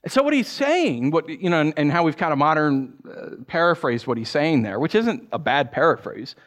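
A middle-aged man preaching a sermon in a fairly high voice. He tells stories with animated energy, acts them out with sound effects, and restarts his phrases as he talks. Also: moderate pace. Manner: repeats words, restarts phrases. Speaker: pastor.

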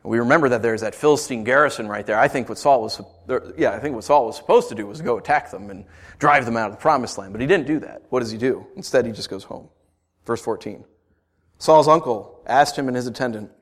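A man preaching a sermon, conversational and animated, with playful asides to the congregation. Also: medium pitch, fast talker. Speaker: pastor.

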